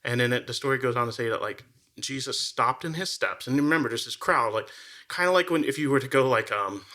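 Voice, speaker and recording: Male podcast co-host, bright and forceful tone, mid-range pitch, chatty storyteller who slips into little character voices. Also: a little fast. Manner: animated storyteller, acts out quoted voices; frequent fillers like "like" and restarts. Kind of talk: casual conversational chat.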